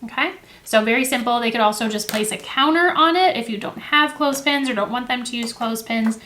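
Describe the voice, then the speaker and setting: A young woman, a teacher and education video host, explains classroom activities to camera in a slightly high, sharp-toned voice. She speaks casually and warmly, with many fillers and quick self-corrections. Seated at a table indoors, she sounds close to the camera, with slight background noise.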